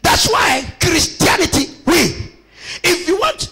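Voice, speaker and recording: A man with a Kenyan accent preaching a sermon as a bishop, using call-and-response and repeating his lines back to the congregation, shifting between shouted, sing-song declarations and quieter asides. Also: very high-pitched, expressive, normal speed, low-quality recording. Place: church.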